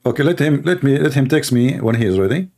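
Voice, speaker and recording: Middle-aged man, gravelly, emphatic livestream host. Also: medium pitch, animated, fast, darkish tone. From Arab world. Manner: emphatic, repetitive, heated. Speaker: Christian apologist host. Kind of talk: livestream commentary.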